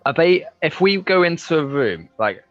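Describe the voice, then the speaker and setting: A man's voice: fairly high pitch, big pitch swings, moderate pace, fairly bright tone, muffled recording. A man playing in a tabletop role-playing game, thinking aloud and restarting his sentences. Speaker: player.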